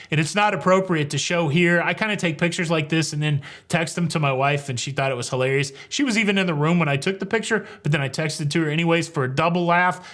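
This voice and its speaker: A middle-aged man with a slightly high, somewhat bright voice hosts a cruise news show. His casual comedic commentary is full of wry, sarcastic jokes and rambling asides.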